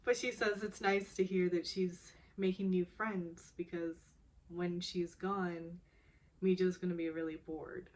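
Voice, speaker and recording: A woman's voice: lowish voice, level tone, a little slow. A woman recapping a drama episode in a casual, chatty way, laughing often as she talks.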